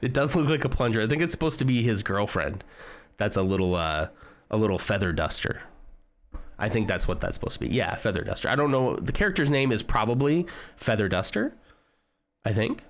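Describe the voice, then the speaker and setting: Lively low-voiced male streamer. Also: brisk. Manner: chatty, joking, talks to chat while browsing. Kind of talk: casual live-stream chat.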